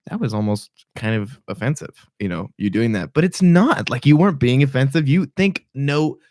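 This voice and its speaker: A young man hosting a podcast in casual chat, rambling with restarts and sudden jumps in pitch. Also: animated, normal speed, darkish tone, dry recording, clean studio sound. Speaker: podcast host.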